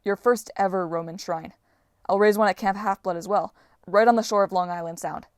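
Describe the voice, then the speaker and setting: A woman voicing a quick-witted teenage male demigod hero who talks in a persuasive, fast-talking way, reading an audiobook. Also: medium pitch, steady tone, dry recording, studio quality, close to an everyday voice.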